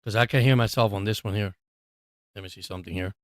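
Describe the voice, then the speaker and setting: A man hosts a live sports stream, calling the plays as he watches and chatting in a rambling way, laughing easily. His voice is lowish with fairly even intonation, captured dry at studio quality.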